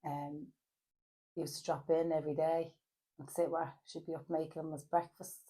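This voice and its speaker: Podcast guest: woman, Dublin accent, lower register, halting and filler-heavy, perks up for anecdotes. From Ireland. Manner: hesitant, many fillers, animated when telling stories. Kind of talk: casual chat.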